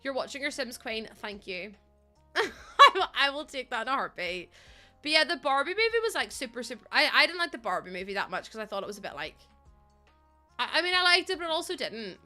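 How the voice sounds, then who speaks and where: A young woman streaming a game, chatting casually and rambling to her chat with giggles and sudden excited bursts. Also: sits high, fast, soft background music. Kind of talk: casual live-stream chat while playing.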